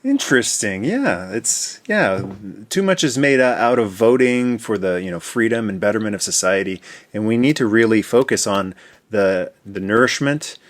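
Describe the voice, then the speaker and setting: A man's voice: on the low side, lively intonation, moderate pace. A Canadian man with a Canadian accent, hosting a casual chat playfully and laughing often. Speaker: host.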